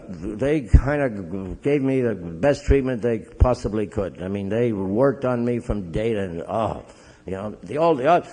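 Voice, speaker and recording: Canadian man, priest speaker at a meeting, joking storyteller, slightly high voice. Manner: joking, animated storyteller who acts out others' voices. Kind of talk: humorous recovery storytelling to an audience.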